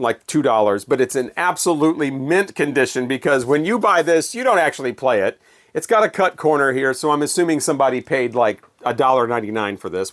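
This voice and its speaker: A man chatting casually about records in his collection, with wry, sarcastic, rambling commentary. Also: mid-range voice. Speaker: vinyl record collector vlogger. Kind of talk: casual chat.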